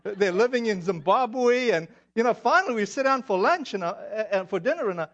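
A man's voice: high voice, animated, a little fast. A man from South Africa with a South African accent, preaching a sermon in a chatty, self-deprecating way with many fillers. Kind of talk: sermon with personal stories. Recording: dull lo-fi audio.

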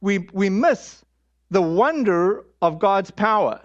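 A man preaching a storytelling sermon, halting and candid, with frequent fillers and restarts. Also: sits high, expressive, muffled recording. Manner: candid, self-deprecating.

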